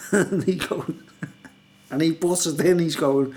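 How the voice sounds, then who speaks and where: A vlogger rambles very casually through his story, laughing often and asking "you know what I mean." His voice is on the high side with a darkish tone, and he speaks a little slowly.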